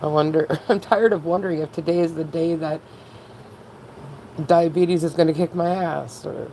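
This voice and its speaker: Woman, low voice, gravelly fry, mellow tone, rambling candid vlog talk. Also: steady tone, moderate pace, slight background noise, poor audio. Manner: rambling, candid, frequent laughs. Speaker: vlogger. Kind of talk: casual personal monologue.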